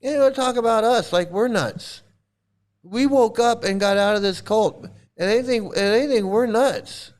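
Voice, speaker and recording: A man's voice: sits high, a little slow, darkish tone. A man ranting in angry commentary as a former member, profane and repetitive, restarting his sentences.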